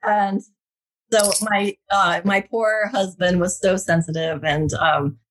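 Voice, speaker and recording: A woman in her thirties, a guest telling a personal spiritual story in an animated, casual way. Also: medium pitch, takes it slowly.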